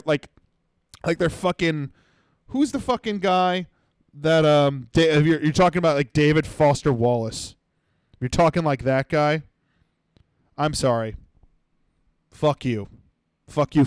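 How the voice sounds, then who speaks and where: A man's voice: fairly high pitch, expressive, unhurried, long pauses, clean tone, no room sound. Sarcastic, profane man ranting, dry close sound. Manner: profane, sarcastic, mocking impressions. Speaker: comedy podcast host. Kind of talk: comedic rant.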